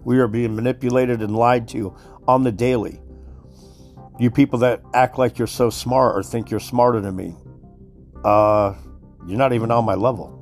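A man's voice: medium pitch, steady tone, normal speed, long pauses, a little mellow, soft background music. A man giving a heated, profane monologue, worked up and repeating himself as he speaks to his listeners. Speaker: commentator. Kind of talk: profane conspiracy rant.

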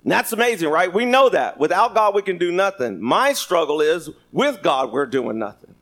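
A man's voice: high voice, big pitch swings, moderate pace, fairly bright tone. A man preaching a sermon, reading scripture and joking with the congregation. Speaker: pastor. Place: church sanctuary.

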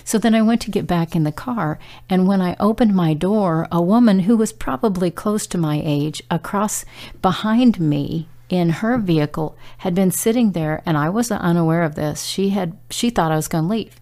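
Woman, middle-aged, gravelly voice, casual devotional talk, earnest, conversational. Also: fairly low pitch, normal speed, mellow. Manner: conversational and earnest, with fillers and restarts. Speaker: devotional speaker. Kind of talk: casual spoken devotional message.

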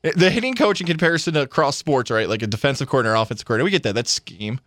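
A man's voice: medium pitch, lively intonation, very fast, a bit bright, no echo, studio quality. A man co-hosting a sports radio show, giving opinions in casual talk and mimicking imagined conversations.

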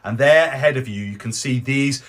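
A man's voice: mid-range voice, moderate pace. A man running a tabletop game as game master, describing scenes with fillers and self-corrections.

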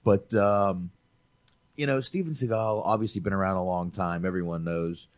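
This man, co-hosting a podcast that reviews movies, has a low voice at normal speed, recorded without echo. His talk is lively and casual, he swears freely, and he addresses his friend as "dude."

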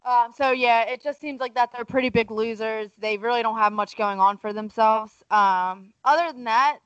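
A woman's voice: fairly high pitch, moderate pace, fairly bright tone, smooth, dry recording. A woman co-hosting a podcast in casual, wry banter. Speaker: podcast co-host. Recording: dry, dull lo-fi sound.

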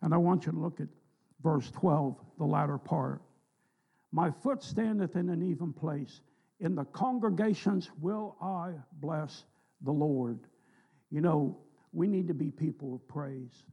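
A man's voice: a little high, unhurried, gravelly, warm tone, breathy edge. A man preaching a sermon in a church, telling folksy stories and rising with emphasis on scripture. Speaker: pastor. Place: church sanctuary.

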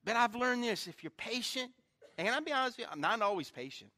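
A man's voice: extremely high pitch, expressive, fairly quick, sharp tone. A male pastor preaching a sermon in a church, telling stories in a chatty way and joking about his own faults. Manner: conversational storytelling with self-deprecating humor.

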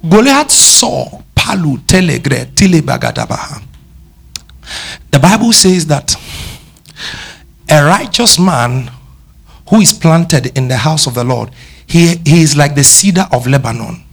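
Male Ghanaian preacher, emphatic sermon delivery, unhurried, drawn-out words, questions the congregation, mixes English and Twi. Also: a little high, expressive, creaky, husky. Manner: switches between English and Twi.

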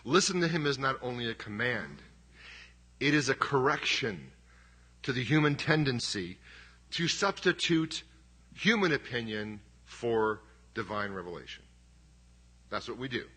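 A man's voice: mid-range voice, expressive, unhurried, pauses often, sharp tone, husky. A middle-aged man preaching a sermon as pastor, conversational and emphatic, with self-deprecating humor.

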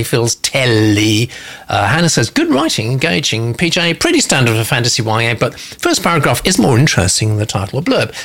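Gravelly-voiced man hosting casual chat. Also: medium pitch, fairly bright tone. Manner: rambling, self-deprecating, filler-heavy. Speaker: host reading listener comments.

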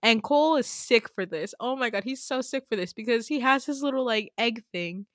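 A woman host casually retelling a dream, full of "like" fillers and casual swearing, with sudden high exclamations. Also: animated, a little fast, fairly bright tone, no echo, clean studio sound. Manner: chatty, frequent "like" fillers, swears freely. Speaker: podcast host.

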